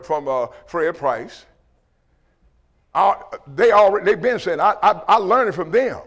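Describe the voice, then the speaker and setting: Gravelly high-voiced male preacher. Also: a bit bright. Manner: emphatic, repetitive "you know what I mean", stammering restarts. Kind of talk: sermon testimony.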